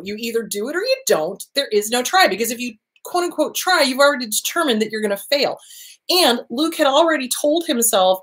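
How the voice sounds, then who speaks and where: A woman's voice: on the high side, animated, fairly quick. A woman hosting a talk show, giving casual therapy advice and acting out inner voices and quotes.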